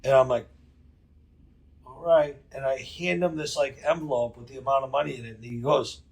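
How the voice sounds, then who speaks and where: A gravelly-voiced man, speaking at an average pitch. He tells his story as a podcast guest in a casual, profane and emphatic way. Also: steady tone, fairly quick, darkish tone. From New England.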